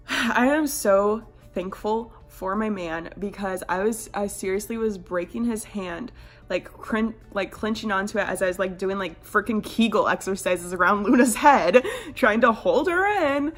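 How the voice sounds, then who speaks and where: A young woman in her twenties telling a birth storytime on her vlog in a casual, chatty way, full of "like" fillers and lively quoted voices. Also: medium pitch, a little slow, soft background music. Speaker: vlogger.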